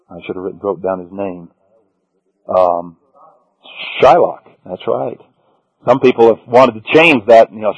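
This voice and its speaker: A man's voice: mid-range voice, darkish tone, slightly rough, no room sound, lo-fi sound. A man teaching a Bible sermon, reading passages aloud and then stressing his points one by one. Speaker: preacher.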